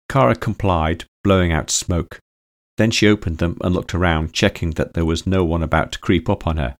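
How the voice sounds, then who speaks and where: A man narrating a story audiobook in a steady, even reading style. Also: deep voice, moderate pace, no echo, clean studio sound.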